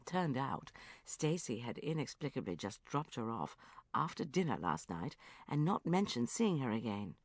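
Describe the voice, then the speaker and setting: A woman narrating a first-person comic diary audiobook in a lively, self-mocking, exclamatory way. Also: rumbling low, normal speed, no echo.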